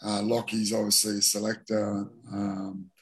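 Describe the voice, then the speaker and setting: A middle-aged Australian man, a former rugby league captain, speaking as a guest in a casual interview, relaxed and full of fillers and restarts. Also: on the low side, unhurried.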